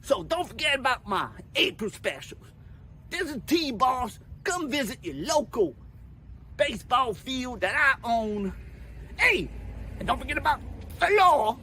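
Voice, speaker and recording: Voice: creaky, a little hiss or hum, exaggerated voice. Someone doing T-Boss, a hustling ball-field owner. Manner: pushy salesman patter, loud pitches. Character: greedy male ball-field owner hustling overpriced deals. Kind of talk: comedy sketch bit.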